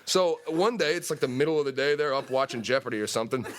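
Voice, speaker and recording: A man's voice: mid-range voice, quick pace. A man telling a crude, rambling story full of profanity on a comedy show.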